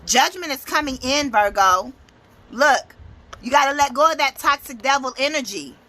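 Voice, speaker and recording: A woman's voice: high-pitched, animated, moderate pace, sharp tone. A young adult woman giving a blunt, profane, emphatic motivational tarot reading. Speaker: motivational speaker and tarot reader.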